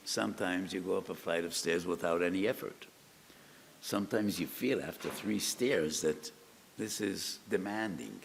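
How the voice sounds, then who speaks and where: An older man giving a Torah lecture as a sermon, telling a parable slowly and rising to cries in pleas, with words in a way. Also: deep voice, vocal fry. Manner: slow, storytelling delivery that rises to cries in acted pleas. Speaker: rabbi giving a weekly lecture. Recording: long reverb, faint background noise.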